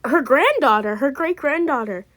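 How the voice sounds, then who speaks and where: A woman's voice: high voice, expressive, moderate pace, a bit bright, pitched above the performer's own voice. A woman voicing an anxious young wife and new mother who rambles and corrects herself, in an amateur role-play drama. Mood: explaining. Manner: rambling, trailing off, self-correcting.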